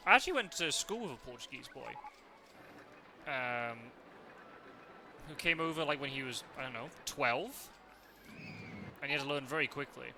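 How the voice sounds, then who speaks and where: A man's voice: medium pitch, lively intonation, normal speed, pauses often, noisy background. A man chatting casually while he streams a game live, telling rambling stories with frequent laughs and the odd swear word.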